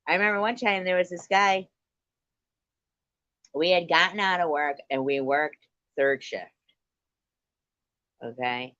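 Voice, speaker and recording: A woman's voice: low-pitched, a bit bright, no echo, dull audio. A woman hosting a livestream, telling stories in a casual, profane way and laughing often. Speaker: livestream host. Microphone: computer mic on a streaming call.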